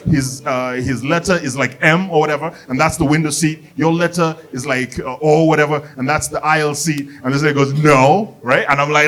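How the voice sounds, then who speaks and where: Animated man telling a stand-up story. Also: a little high, brisk. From Uganda. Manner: animated storytelling, acts out characters, bursts of excitement. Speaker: stand-up comedian. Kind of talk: stand-up comedy set. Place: comedy venue with live audience.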